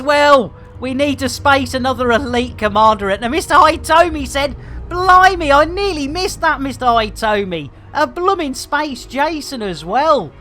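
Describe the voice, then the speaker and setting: With faint game music behind him, a man livestreams a space game and chats casually with his viewers, giving shout-outs to chat. His high, bright voice has a forceful tone, and he's cheeky and playful, full of hammy exclamations.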